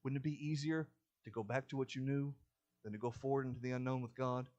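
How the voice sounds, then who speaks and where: A man preaching a sermon in a church, building to loud, urgent warnings and dropping back to a quiet explanatory tone. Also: steady tone, quick pace, lo-fi sound. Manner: emphatic, rises in pitch and volume to stress warnings. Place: church sanctuary.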